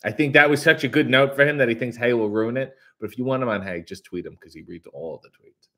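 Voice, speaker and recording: Talking fast in a mid-range voice, this live streamer reads out viewer comments in a brighter, louder delivery, then replies with crude sarcasm and mock-grumpy asides in a casual setting.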